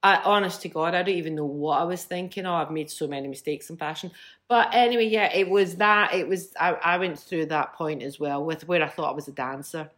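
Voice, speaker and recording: A woman's voice: low voice, fairly quick, a bit bright. A middle-aged Scottish woman, a band frontwoman, telling stories bluntly in a casual interview, swearing freely. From Scotland.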